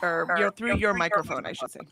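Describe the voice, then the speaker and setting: A woman's voice: fairly low pitch, expressive, a little fast, noisy background. A woman with a Southern US accent, co-hosting a casual morning stream, reading chat messages aloud and laughing easily. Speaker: stream co-host. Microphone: headphones with mic.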